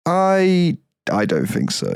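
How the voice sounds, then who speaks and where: A man's voice: high-pitched, wildly swooping pitch, slow pace, vocal fry, clean tone, no room sound, clean studio sound. A man co-hosting a podcast in casual chat, rambling with frequent restarts and swearing freely. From United Kingdom. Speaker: podcast co-host.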